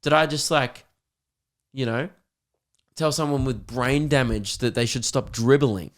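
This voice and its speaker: Young man telling animated stories. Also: medium pitch, unhurried. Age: young adult. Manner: animated storyteller who acts out voices of others. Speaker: podcast host and comedian. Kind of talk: casual podcast chat.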